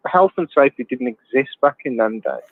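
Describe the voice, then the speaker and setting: A man's voice: mid-range voice, expressive, fairly quick. A man calling in to a show, talking bluntly and plainly, heard over a phone line. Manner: blunt, plain-spoken, says "mate". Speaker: phone-in caller. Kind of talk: casual phone chat. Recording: tinny, dry phone line.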